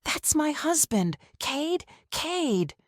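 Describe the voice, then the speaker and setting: A frightened young wife putting on panic, as a woman narrator acts her out. Her voice climbs high and breaks into pleading bursts. The sound is dry and close. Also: sing-song, extremely slow, dry recording, exaggerated voice. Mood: panicked.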